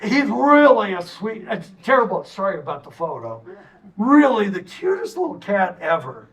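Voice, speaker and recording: A middle-aged man speaks from a stage in a lively, story-driven way, tossing in jokey asides. His voice sits fairly high for a man. The mic is some distance from him. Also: moderate pace, vocal fry. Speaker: tourism consultant giving a community assessment. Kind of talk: public presentation to a town audience. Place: stage in a hall.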